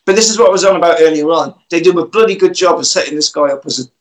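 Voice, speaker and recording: Man, casual film recap, animated storyteller, swears a lot, slightly high voice. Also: racing, poor audio.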